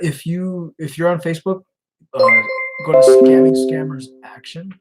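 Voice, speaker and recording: Man, live stream host, husky voice, casual, chuckling, reads chat aloud. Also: medium pitch, rough recording. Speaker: livestream host baiting scammers.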